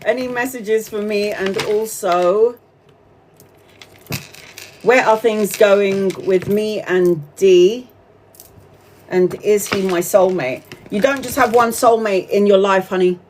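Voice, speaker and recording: A woman's voice: mid-range voice, fairly even intonation, slow pace, pauses often, darkish tone. Woman, tarot reader on a casual live stream, talkative, swears and laughs freely, faint background noise.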